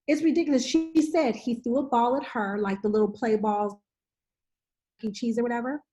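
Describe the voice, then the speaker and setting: A woman podcast host in her forties, chatting casually and telling a story with lively acted-out dialogue. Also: fairly high pitch, fairly quick. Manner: animated storyteller, acting out dialogue. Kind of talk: casual chat.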